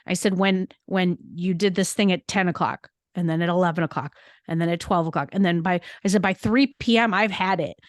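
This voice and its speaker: A middle-aged woman guesting on a podcast, telling a personal story with lively reenacted dialogue. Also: on the low side, a little fast, no room sound, studio quality. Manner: animated, quotes herself and her son in dialogue. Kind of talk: candid conversational storytelling.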